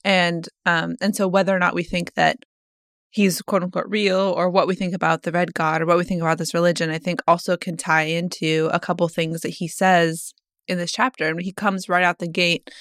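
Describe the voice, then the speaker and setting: A young woman co-hosting a podcast, discussing a book casually, thinking out loud and reading passages aloud. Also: lowish voice, level tone, fairly quick, no echo, clean studio sound. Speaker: podcast co-host.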